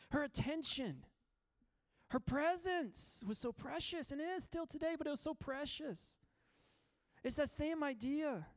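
This very high-pitched man, captured in a dry, clean studio recording, is a pastor in his thirties giving a sermon. His style is earnest yet casual, and he often starts his sentences over.

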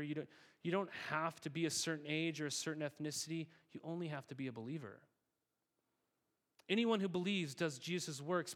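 A male pastor giving a sermon in a conversational, emphatic way, often repeating words. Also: on the high side.

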